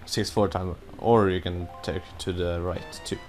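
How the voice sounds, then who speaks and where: A man's voice: sits low, steady tone, a little slow, faint music behind. A man giving casual, rambling commentary while he plays a video game, cursing now and then at his own mistakes. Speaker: let's play gamer.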